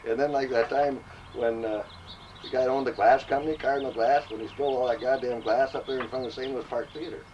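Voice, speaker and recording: A man casually telling profane, animated stories about his old police dispatching days. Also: mid-range voice, quick pace, lo-fi sound. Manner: profane, animated anecdotes with acted quotes. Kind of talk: casual storytelling among old friends. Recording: distant mic, noisy home recording.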